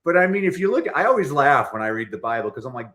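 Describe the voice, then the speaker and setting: A middle-aged storytelling coach with a medium-pitched voice talks fast as a guest in a lively podcast conversation. Animated, he acts out quoted lines in different voices.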